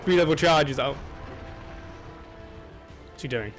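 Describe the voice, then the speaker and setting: A young man giving casual, excitable commentary over his own gameplay, yelping and laughing at the game. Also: a little high, takes it slowly, soft background music. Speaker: gaming channel host.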